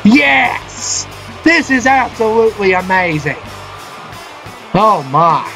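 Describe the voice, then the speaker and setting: A man who is a parent, commentating a wrestling video game with excitement, often shouting and cheering. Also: sits high, slow, rough recording. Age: adult, a parent. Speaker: gaming channel host. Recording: loud game music underneath.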